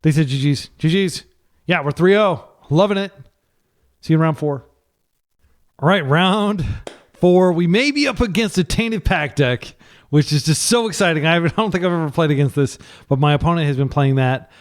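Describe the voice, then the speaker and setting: An American man gives live, chatty commentary on his card game, thinking out loud and correcting himself as he plays. His voice is fairly high and moves at a normal speed.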